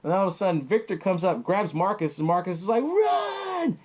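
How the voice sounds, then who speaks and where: A man's voice: high-pitched, fast talker, background noise. Casual male podcast host, young adult, profane and rambling storyteller. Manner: profane, rambling, acts out characters' lines. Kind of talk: casual movie recap.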